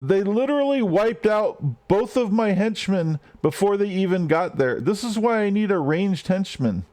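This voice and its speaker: A man's voice: sits high, lively intonation, normal speed, darkish tone. A man streaming gameplay live, ranting and swearing at the game as he plays. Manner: frustrated, swearing, rants at the game.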